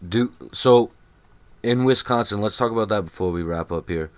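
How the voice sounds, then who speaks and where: A man's voice: fairly low pitch, normal speed, smooth, dry recording. A man from Rhode Island with a New England accent, hosting a podcast in profane, joking banter. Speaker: podcast host. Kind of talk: casual chat.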